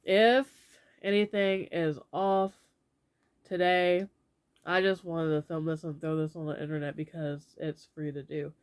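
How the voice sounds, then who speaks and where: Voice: mid-range voice, level tone, measured pace, smooth. A young adult vlogger sharing opinions in a casual, rambling way, with lots of fillers.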